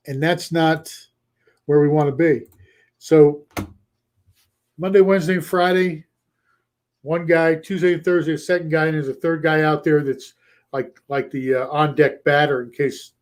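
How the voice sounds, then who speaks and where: A man hosting a live coaching show in casual talk to his chat. He is energetic, repeats key phrases for emphasis and acts out short role-play lines. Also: a little high.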